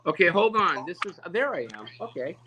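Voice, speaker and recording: A man's voice: sits high, brisk, heavy background noise. A man, a balloon artist guest, chatting casually on a video call and acting out the voices of people in his stories. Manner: animated, acts out quoted voices, stammers on restarts.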